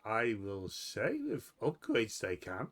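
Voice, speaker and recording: Narrating a tabletop role-playing session as game master, a man with a fairly low-pitched voice stays animated and jumps readily into character calls.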